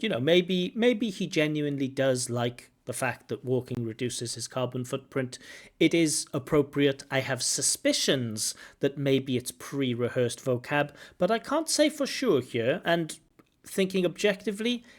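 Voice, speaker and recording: A man working as an exam examiner, talking through a recorded speaking test and repeating words to model how they should sound. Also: a little high. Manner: thinks aloud, repeats words to model pronunciation. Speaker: IELTS examiner giving feedback. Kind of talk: reviewing a recorded test aloud.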